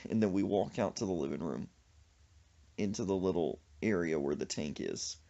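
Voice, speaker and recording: A man's voice: deep voice, normal speed, creaky, warm tone, dull audio. A man telling a comic story on a podcast, exaggerating and making sound effects as he goes. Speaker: comedic storyteller. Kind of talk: animated comedic storytelling.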